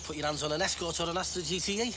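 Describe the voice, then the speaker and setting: An actor playing a fussy young flatmate in a TV soap, quick to bicker. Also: male voice, fairly high pitch, natural voice. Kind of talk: TV soap acting. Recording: old TV recording with hiss.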